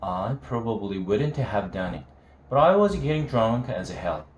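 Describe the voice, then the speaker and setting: A man reading a novel aloud, telling it slowly in a casual first-person voice. His delivery is unhurried. The recording is roomy, with a faint hum of ambience behind him. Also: on the low side, sing-song, lo-fi sound. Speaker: reader of a novel.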